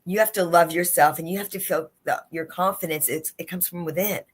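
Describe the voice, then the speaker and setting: Her voice lowish and fairly even, a woman life and leadership coach talks fairly quickly as an interview guest on a livestream over video call. The motivational talk is earnest, with key phrases repeated for emphasis.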